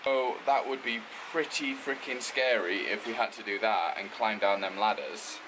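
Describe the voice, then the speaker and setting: A man's voice: fairly low pitch, normal speed, background noise. Chatty Geordie man vlogging outdoors. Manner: chatty, loose, says "like" a lot. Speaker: travel vlogger. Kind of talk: casual travel vlog narration. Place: outdoors on city streets.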